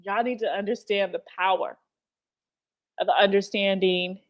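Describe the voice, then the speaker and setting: A woman's voice: medium pitch, steady tone, unhurried. Woman, livestream host, teary, passionate, swears freely, repeats lines for emphasis. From United States. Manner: passionate, profane, speaks in emphatic repetitions. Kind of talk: emotional livestream talk.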